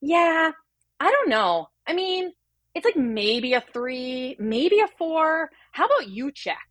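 A flustered young female hospital resident speaks in a high, breezy, unsure way, as a woman puts her on while retelling a story. Her voice is noticeably raised and the sound is dry and close. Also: big pitch swings, slow, fairly bright tone, no room sound, heavily acted.

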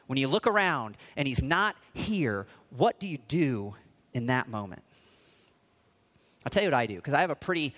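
A man preaching a sermon, moving between quiet reflection and loud, acted-out quotes. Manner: dramatic swings in pitch and volume, acting out quotes. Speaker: pastor.

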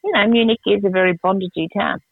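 A middle-aged woman, telling stories in a casual podcast chat, animated and quick to laugh. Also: no room sound. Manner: animated, laughing, jumps between pitches. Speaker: podcast co-host. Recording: tinny phone-like dry sound.

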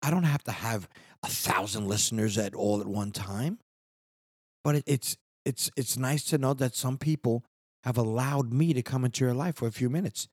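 A man's voice: mid-range voice, normal speed, darkish tone, breathy edge, dry recording, clean studio sound. A middle-aged man hosting his own podcast, talking in a rambling, earnest way with many restarts. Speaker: podcast host. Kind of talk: casual solo podcast monologue. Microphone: studio microphone.

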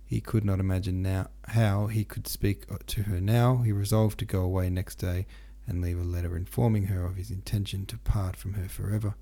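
A man's voice: sits low, fairly even intonation, normal speed, few pauses, dark tone. A man narrating a classic novel as an audiobook, reading steadily with occasional stumbles and restarts.

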